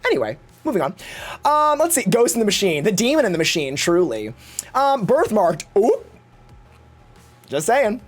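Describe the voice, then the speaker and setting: A man's voice: high-pitched, huge pitch swings, normal speed, faint music behind. A man chatting casually on his livestream, gossiping and swearing freely and acting out other people's lines in exaggerated voices. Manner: gossipy, profane, acts out quotes in exaggerated voices. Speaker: Twitch streamer.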